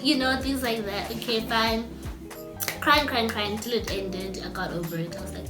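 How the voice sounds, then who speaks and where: A young woman tells a story in an animated, chatty way, often turning to her audience directly. Her voice sits high. The room is echoey, and soft music plays underneath. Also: normal speed. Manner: animated, chatty, talks straight to viewers. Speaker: vlogger. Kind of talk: casual storytime.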